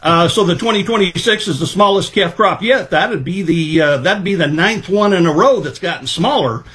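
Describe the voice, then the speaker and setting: Middle-aged guy, kinda high voice, talks slow and careful w lots of "you know"s. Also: lively intonation, a bit bright. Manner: measured, thinking aloud with many fillers. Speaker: livestock marketing specialist guest. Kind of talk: casual interview answers.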